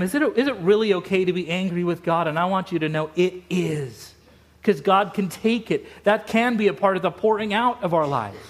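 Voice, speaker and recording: A middle-aged man from Utah preaching a sermon, telling stories with emphatic, repeated phrases. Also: sits high. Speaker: pastor.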